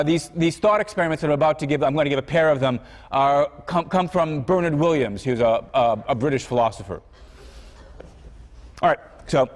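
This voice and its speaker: A man giving a university lecture in a conversational way, now and then acting out examples in other voices. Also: on the high side. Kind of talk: classroom lecture. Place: large lecture hall. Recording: reverberant lecture hall.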